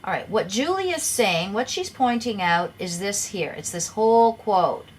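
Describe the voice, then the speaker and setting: A woman's voice: mid-range voice, lively intonation, moderate pace, a little hiss or hum. A middle-aged woman teaching an English grammar lesson, explaining patiently and sometimes repeating words as she goes.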